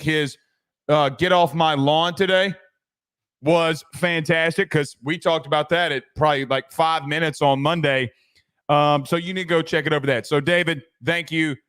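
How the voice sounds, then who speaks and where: A man's voice: a little high, fairly even intonation, normal speed, fairly bright tone, smooth. A man hosting a sports podcast, chatting loosely and reading viewer comments, with frequent restarts and casual swearing.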